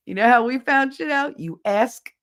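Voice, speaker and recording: A woman's voice: on the high side, a bit bright. A woman in her forties hosting a livestream, telling crude stories candidly and laughing often. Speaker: livestream host. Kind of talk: casual chat with viewers.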